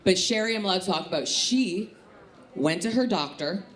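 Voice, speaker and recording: A lively, animated woman from the Chicago area performs a stand-up set on a comedy club stage with punchy delivery, a mid-range voice, and a moderate pace. The live club recording has echo and a laughing audience in the background.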